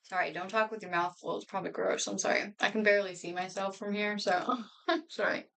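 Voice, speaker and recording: A woman's voice: mid-range voice, fairly even intonation, brisk, vocal fry, fairly bright tone. Streamer woman in her twenties, rambly casual chatter at home, a little distant from the mic. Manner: rambling, chatty, laughs often, talks while eating. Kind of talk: casual chat to a live stream. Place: home room.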